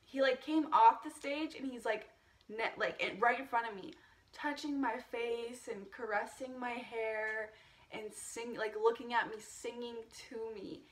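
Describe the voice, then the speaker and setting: A woman's voice: on the high side, fairly even intonation, a little slow, echoey room, distant mic. Chatty young woman telling a story. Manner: chatty, laughs often, swears freely. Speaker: vlogger. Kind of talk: casual storytime.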